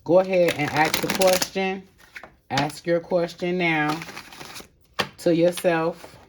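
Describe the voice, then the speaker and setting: A woman's voice: lowish voice, steady tone, slow pace, noisy background. A woman giving a casual, spiritual tarot reading to camera, heartfelt and encouraging, rambling with fillers as she speaks straight to her viewers. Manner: encouraging, addresses viewers directly. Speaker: tarot reader.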